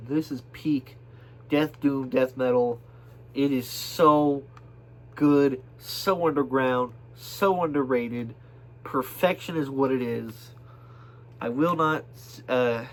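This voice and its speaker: A man showing his album collection in a casual, rambling video monologue, full of fillers and bursts of excitement. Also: mid-range voice, slight background noise.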